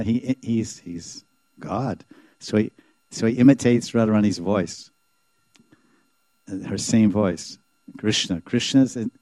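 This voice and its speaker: Guy telling a religious story, lowish mellow voice, animated, chuckles a lot. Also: no room sound. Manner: animated, chuckling, acts out the dialogue. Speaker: devotional storyteller. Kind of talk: sermon storytelling.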